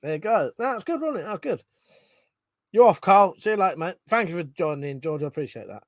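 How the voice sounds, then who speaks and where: A man's voice: high voice, sing-song, fast talker, no echo. A man hosting a live stream, chatting loosely, swearing casually and reading out chat messages from home. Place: home room.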